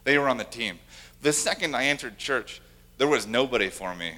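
A young adult pastor preaching in a loose, conversational way, with a bright, forceful voice. He talks to his congregation like friends and slips into little acted-out quotes. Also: mid-range voice, animated, brisk. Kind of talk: sermon.

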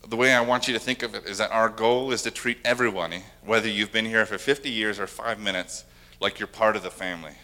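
A man's voice: fairly low pitch, fairly even intonation, fairly quick, bright, forceful tone. A young adult man, a pastor, preaching a sermon in a conversational, self-deprecating way, acting out quotes from worried visitors.

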